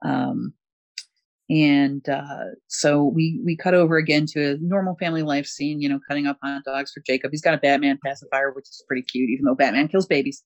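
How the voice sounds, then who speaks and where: A man's voice: on the high side, fairly even intonation, fairly quick, no echo, lo-fi sound. A man casually recapping a story, rambling with many fillers and chuckles. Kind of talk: casual comic book recap.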